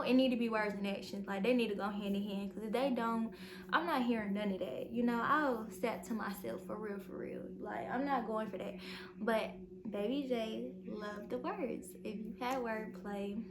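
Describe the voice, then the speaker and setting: A young woman vlogger telling a storytime in an animated, slangy way, acting out the dialogue, recorded in her bedroom at home. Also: on the high side, background noise. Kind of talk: storytime vlog.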